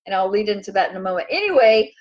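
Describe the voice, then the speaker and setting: A woman hosting a casual spiritual talk, chatty and rambling, who turns animated when she acts out what others say. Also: mid-range voice, very fast, dull audio. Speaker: host.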